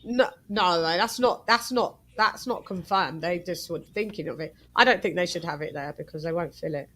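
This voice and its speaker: A woman's voice: fairly low pitch, fairly bright tone, low-quality recording. A woman hosting a casual boxing panel, arguing firmly and talking over her guests. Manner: talks over others, argues firmly, quick questions. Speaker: host of a boxing panel show.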